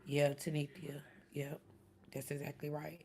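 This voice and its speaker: A middle-aged woman chats casually on a live stream, reading the chat and replying to commenters by name. Her voice is low and warm, delivered in a monotone at a measured pace.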